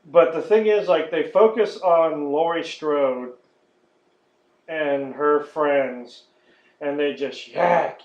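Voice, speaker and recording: A man's voice: a little high, slow pace. A man hosting a podcast, ranting in casual chat with frequent swearing and mocking impressions. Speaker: podcast host. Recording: echoey lo-fi room recording.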